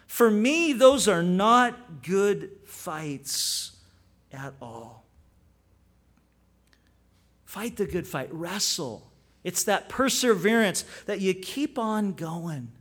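A male pastor delivers a sermon in a relaxed, storytelling manner, and then he drives home points with sudden emphasis. His voice sits high for a man and swings widely in pitch. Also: very slow, long pauses. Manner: conversational, storytelling with animated emphasis.

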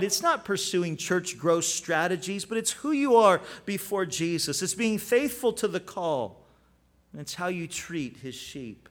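Animated, high-voiced male pastor preaching. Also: takes it slowly. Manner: conversational, storytelling with animated emphasis. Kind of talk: sermon.

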